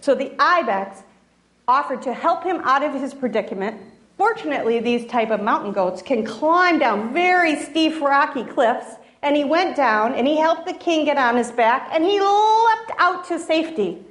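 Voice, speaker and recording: A woman telling a fable in a gentle storytelling manner, with restarts and asides. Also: high-pitched, animated, moderate pace. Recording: roomy echo.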